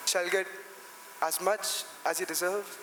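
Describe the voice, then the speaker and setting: A man's voice: high voice, fairly even intonation, measured pace, sharp tone. A young man playing a proud young prince in a stage play, reciting solemnly. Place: large school hall, stage. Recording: echoey hall with noise.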